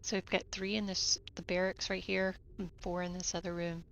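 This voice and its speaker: A woman's voice: on the low side, little pitch movement, fairly quick, vocal fry, fairly bright tone, highs cut off. A woman playing a tabletop game, talking in a casual, plain-spoken way. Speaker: player.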